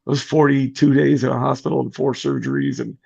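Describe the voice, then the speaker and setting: Gravelly husky middle-aged guy telling a story on a podcast, animated, muffled audio. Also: medium pitch, quick pace. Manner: animated, acts out quoted voices. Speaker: podcast guest. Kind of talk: casual storytelling.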